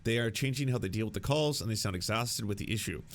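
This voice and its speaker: Young guy ranting, sarcastic, swears a lot, lowish voice, bit of background hum. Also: quick pace. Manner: sarcastic, profane and exasperated. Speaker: political commentary host. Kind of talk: ranting video commentary.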